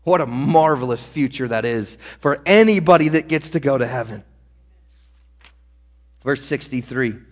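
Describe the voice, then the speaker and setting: A man's voice: medium pitch, lively intonation, normal speed, long pauses. A man preaching a sermon as pastor, earnest and direct, speaking straight to his listeners. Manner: earnest, direct, addresses the congregation. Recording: long hall reverb.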